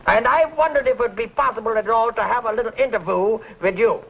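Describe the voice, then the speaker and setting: A man's voice: extremely high pitch, fast, vocal fry, slight background noise, voice pushed up. A man putting on a fake-French professor. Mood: ingratiating. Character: fussy man posing as a French-accented professor. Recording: muffled old TV sound, loud studio audience.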